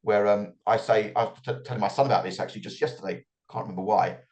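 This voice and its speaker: A man's voice: fairly low pitch, fairly even intonation, fast, a little mellow. A middle-aged man answering as an author guest in an interview, reflective and often repeating his words as he starts a thought.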